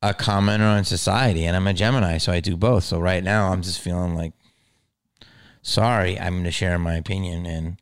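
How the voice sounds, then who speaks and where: A man hosting his own podcast, rambling in a casual, profane monologue that swings from mumbles to loud outbursts. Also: sits low, fairly even intonation, a little fast, clean tone, no echo, clean studio sound. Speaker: podcast host.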